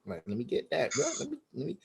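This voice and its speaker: A man's voice: mid-range voice, fast, vocal fry. A man, a podcast guest, telling a story in a casual interview, acting out the dialogue with lots of slang and swearing. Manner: animated, acts out quoted dialogue, heavy slang and swearing.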